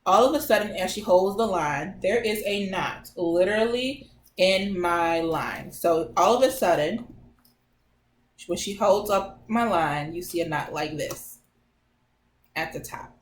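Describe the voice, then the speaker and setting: A woman in her twenties telling her own story as a vlogger in a chatty, animated way, acting out what others said. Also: fairly low pitch, unhurried. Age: 20s. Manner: chatty, animated retelling that acts out others' lines. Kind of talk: casual personal storytelling. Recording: roomy echo, faint background noise.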